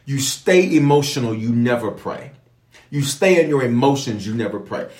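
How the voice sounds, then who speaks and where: A man's voice: mid-range voice, animated, moderate pace, darkish tone. Preaching man in an echoey room. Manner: preacherly, repeats phrases, calls for responses from viewers. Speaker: pastor leading online prayer. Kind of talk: livestream sermon and prayer teaching.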